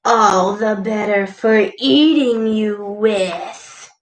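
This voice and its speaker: A woman voicing a big bad male wolf disguised as grandma, in a strange, wobbly, drawn-out voice. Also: mid-range voice, slight background noise. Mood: sly. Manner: slow, drawn-out delivery. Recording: echoey room.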